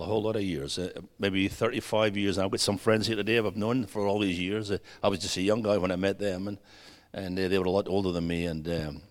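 Middle-aged preacher in a reverberant church. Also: male voice, sits low. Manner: energetic, rising to emphatic bursts and urging the audience to respond. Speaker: guest preacher. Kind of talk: sermon. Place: church sanctuary.

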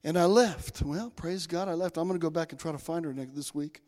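Preacher, male, folksy storyteller, high voice, church reverb. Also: brisk. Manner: folksy storytelling, swings from soft to loud. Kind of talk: sermon with personal stories. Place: church sanctuary. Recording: long hall reverb.

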